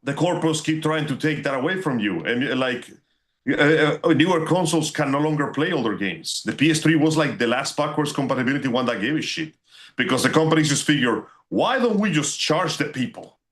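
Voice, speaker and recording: A man's voice: mid-range voice, fairly quick, fairly bright tone. Opinionated ranting podcast co-host man. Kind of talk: casual chat.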